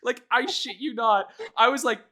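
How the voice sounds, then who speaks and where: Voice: mid-range voice, moderate pace, sharp tone. A podcast co-host in casual chat, ranting animatedly and swearing a lot, often laughing.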